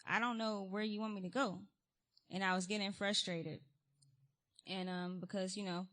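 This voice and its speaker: A woman's voice: medium pitch, a bit bright. Woman, guest speaker, informal sermon, conversational, filler-heavy, church sanctuary. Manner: candid and conversational, frequent ums and likes; reads scripture aloud with rising emphasis. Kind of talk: informal testimony-style sermon.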